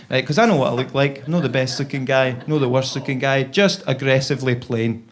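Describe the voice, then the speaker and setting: A man's voice: mid-range voice, fast talker, few pauses. A young Scottish man with a Scottish accent doing a chatty, self-deprecating stand-up set on stage. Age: young adult. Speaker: stand-up comedian. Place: comedy club stage.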